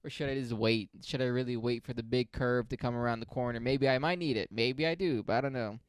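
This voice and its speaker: A man's voice: medium pitch, a little fast, smooth, no room sound. A young man in a casual solo monologue who rambles and swears freely, mocking himself as he goes. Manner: profane, rambling, self-mocking. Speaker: podcast host.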